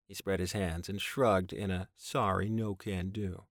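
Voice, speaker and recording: Wry low-voiced male audiobook narrator. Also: moderate pace, few pauses, no echo, clean studio sound. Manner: wry, sardonic. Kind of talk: first-person audiobook narration.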